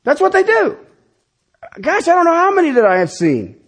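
A pastor in his fifties preaching a sermon in a lively, conversational way, with casual asides to the congregation. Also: very high-pitched, moderate pace.

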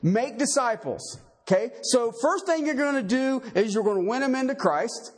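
A man's voice: very high voice, animated, moderate pace. A man preaching a sermon, emphatic, quizzing his listeners with rhetorical questions and tagging points with "okay" and "all right.". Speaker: pastor.

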